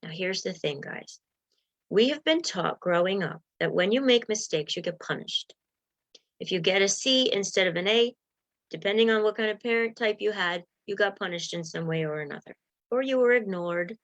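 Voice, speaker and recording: A woman's voice: mid-range voice, expressive, moderate pace, a bit bright, lo-fi sound. A woman mindset coach giving a motivational talk to viewers, encouraging and acting out inner voices.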